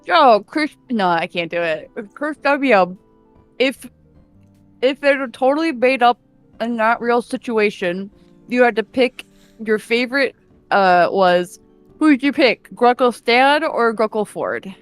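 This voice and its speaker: Woman doing a nosy, teasing young girl; lively, quick questions. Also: high voice, faint music behind. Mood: curious. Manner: rapid-fire questions, teasing. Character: cheerful nosy young girl, pushy and playful.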